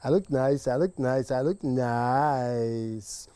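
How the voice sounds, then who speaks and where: A man voicing a vain, boastful dog in a folktale, chanting slowly to himself. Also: mid-range voice, warm tone, clear, resonant tone, no echo, lightly acted. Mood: smug. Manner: slow, drawn-out self-admiring chant. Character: vain boastful male dog, slow and smug.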